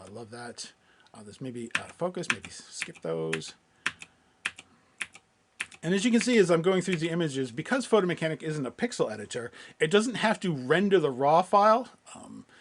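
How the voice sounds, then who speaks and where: A husky, medium-pitched man presents a software webinar, guiding viewers through a live screen-share demo. His delivery is loose and conversational, packed with fillers and restarts.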